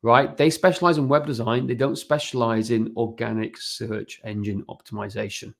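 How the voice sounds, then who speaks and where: A man with a gravelly, creaky voice at a middle pitch, speaking as an energetic podcast guest. He talks quickly and keeps checking in with tag questions as he explains things. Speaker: podcast guest, business owner. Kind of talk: casual podcast interview.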